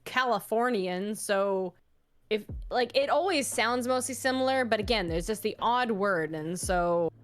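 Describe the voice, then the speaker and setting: Animated Canadian woman telling stories. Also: medium pitch, measured pace. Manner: animated storyteller, swears freely, acts out quotes. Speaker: guest. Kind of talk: casual chat on a live podcast.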